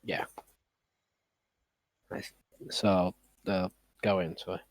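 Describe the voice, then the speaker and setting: A man playing a tabletop game who sounds hesitant, uses many fillers and rushes some phrases. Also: low voice, little pitch movement, no room sound, rough recording. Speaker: player. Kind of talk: casual tabletop play.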